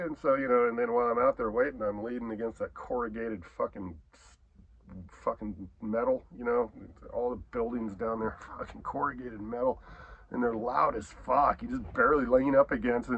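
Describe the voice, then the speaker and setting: Gravelly man telling a rambling story. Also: medium pitch, moderate pace. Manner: rambling, profane, animated with laughs and sound effects. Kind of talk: casual anecdote telling. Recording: dull lo-fi recording.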